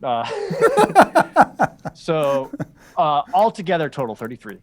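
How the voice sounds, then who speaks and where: A man's voice: fairly high pitch, huge pitch swings, takes it slowly. A young man playing a tabletop game, chatty with lots of fillers and laughs. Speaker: player. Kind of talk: casual tabletop play.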